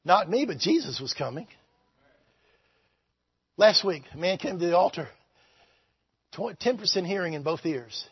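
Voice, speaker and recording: A man preaching a revival sermon as pastor, shouting with fervor and repeating phrases. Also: sits high, animated, unhurried, pauses often, husky, no room sound, highs cut off.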